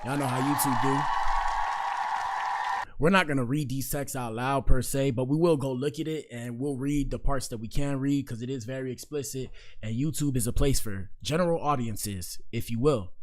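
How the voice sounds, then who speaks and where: Casting note: male podcast host, weary and laid-back, loose slang, rambling asides, mid-pitched. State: tired. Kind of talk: casual commentary on news clips.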